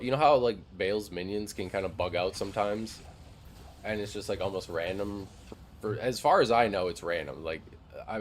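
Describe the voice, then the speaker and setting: A man's voice: sits low, slight background noise. A man streaming a game, chatting casually in a loose, rambling way full of "like" fillers and the odd swear word. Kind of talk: casual live-stream chat while gaming.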